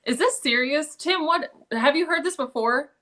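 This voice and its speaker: A woman's voice: high-pitched, normal speed, bright, forceful tone. A woman hosting a sports podcast, casually steering the talk with upbeat questions. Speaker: podcast host and moderator.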